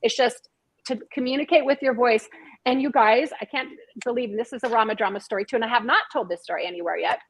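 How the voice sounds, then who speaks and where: Husky, higher-voiced chatty woman. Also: quick pace, dry recording, rough recording. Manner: animated and chatty, repeats words as she talks. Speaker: guest author and screenwriter. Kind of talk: casual interview chat.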